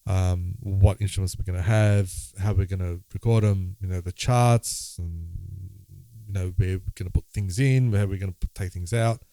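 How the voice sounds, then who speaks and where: Low, mellow-voiced man musing on music. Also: fairly even intonation, dry recording. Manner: halting, many restarts, thoughtful. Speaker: podcast co-host, guitarist. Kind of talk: casual conversation about music.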